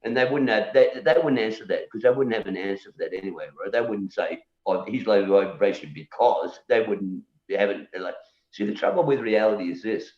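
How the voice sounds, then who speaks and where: Rambling low-voiced man on a video call. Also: animated, fairly quick. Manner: rambling, repeats words, keeps asking "you know?"; argues his point and challenges beliefs. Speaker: guest, musician. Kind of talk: casual conversation. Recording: echoey room, dull lo-fi sound.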